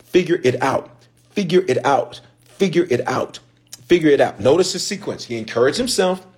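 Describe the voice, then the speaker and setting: Animated preaching bishop, man. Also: a little high, normal speed. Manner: repetitive, call-and-response preaching; conversational, slangy delivery. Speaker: bishop and pastor. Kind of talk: sermon.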